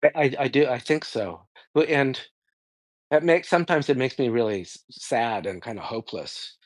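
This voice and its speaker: A man, a psychotherapist guest in an interview, explaining his views in a lively conversational way and acting out quoted dialogue. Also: medium pitch, normal speed, no echo. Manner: animated storyteller, acts out quoted dialogue.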